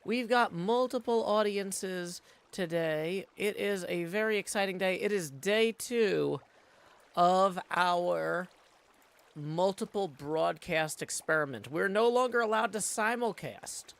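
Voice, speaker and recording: A man's voice: sits high, slow, vocal fry, a bit bright. A middle-aged man, chatting casually on a live stream from his home studio, reading chat aloud and humming to himself. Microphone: studio XLR mic.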